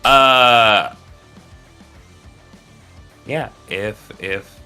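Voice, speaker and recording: A man's voice: on the low side, drawn-out words, sharp tone, clean tone, soft background music. A man playing in a tabletop game, chatting casually and rambling about what his character does. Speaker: player. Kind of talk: casual chat.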